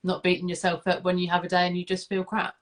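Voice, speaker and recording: A woman's voice: fairly low pitch, completely flat delivery, fast talker. A woman guest in an interview, talking in a chatty, emphatic way and often seeking agreement with "isn't it?". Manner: chatty, emphatic, seeks agreement with tag questions. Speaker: guest, client. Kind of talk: casual interview chat.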